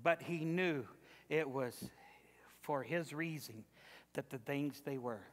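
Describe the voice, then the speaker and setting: A man's voice: fairly high pitch, slow pace. A male pastor preaching a sermon, telling a story emphatically and repeating words for emphasis. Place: church sanctuary. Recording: echoey church sanctuary.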